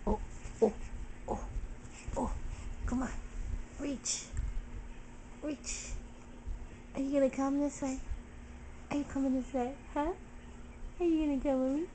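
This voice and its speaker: An older woman coos baby talk to an infant in a slow, coaxing sing-song. Her voice swoops up and down with lively pitch. She is a grandmother talking at home. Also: slight background noise. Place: bedroom at home.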